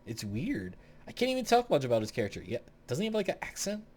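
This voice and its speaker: Lively-voiced young man ranking game characters. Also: on the high side, quick pace. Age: young adult. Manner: rambling, blunt and opinionated, swears freely. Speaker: gaming video host. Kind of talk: casual tier-list commentary.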